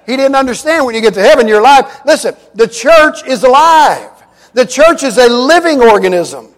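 A man with a very high voice preaches in a church sanctuary, his words ringing with a long reverb. He drives his points home through repetition and mixes in light jokes. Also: sing-song, moderate pace. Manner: emphatic, repetitive preaching with humor. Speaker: pastor. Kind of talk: sermon.

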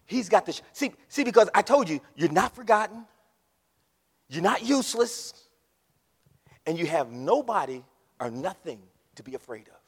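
A man preaching a fervent sermon to his congregation, often swelling to shouts. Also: high-pitched, very animated, moderate pace, pauses often, breathy edge. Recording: long hall reverb.

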